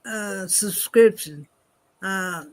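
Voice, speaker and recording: A woman chatting casually after a church talk, halting and filling pauses with "uh" and little chuckles. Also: mid-range voice, darkish tone. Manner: slow and halting, with many "uh" fillers and chuckles. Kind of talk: casual chat.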